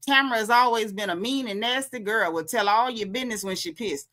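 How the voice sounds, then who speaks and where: Bright-voiced, lively woman recapping TV. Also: fairly high pitch, a little fast, few pauses, soft background music. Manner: animated storytelling, acts out quotes, frequent laughs. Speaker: reality TV recap host. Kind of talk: casual reality TV recap.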